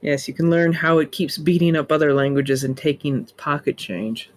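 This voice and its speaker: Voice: mid-range voice, normal speed. A podcast co-host trading dry, teasing remarks in casual chat. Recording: faint background noise.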